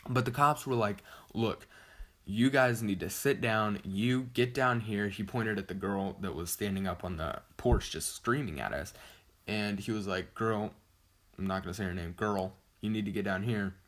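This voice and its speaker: A teenage guy vlogging tells a story in a casual, rambling way, full of profanity and the filler "like." He speaks at a normal pace in a lowish, somewhat bright voice.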